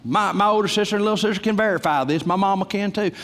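A man's voice: sits high, fast talker, fairly bright tone. A man with a folksy, playful manner, telling stand-up stories from a church stage. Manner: folksy and playful, with stammered restarts. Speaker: Christian comedian. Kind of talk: storytelling stand-up. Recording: reverberant hall.

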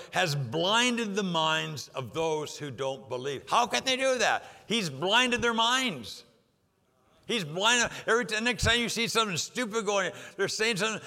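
An older man preaching a sermon, emphatic and repetitive, pushing some lines loud and dropping others low for effect. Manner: emphatic, rising and dropping for effect, repeats phrases. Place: church sanctuary. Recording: long hall reverb.

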